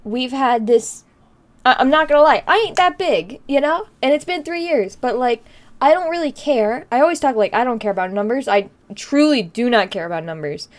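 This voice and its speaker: A woman's voice: high voice, expressive, moderate pace. A young woman streamer in her twenties chatting casually, teary and laughing, rambling with many fillers. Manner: emotional, laughing through tears, rambling with fillers. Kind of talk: casual live-stream chat.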